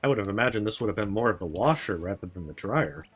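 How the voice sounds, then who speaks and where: A man with a husky voice talks his way through a retro role-playing game, his pitch swinging up and down as he chats. Quiet game music plays underneath him. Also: lively intonation, quick pace. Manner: chatty, reads game text aloud. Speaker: let's play streamer. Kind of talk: casual game commentary.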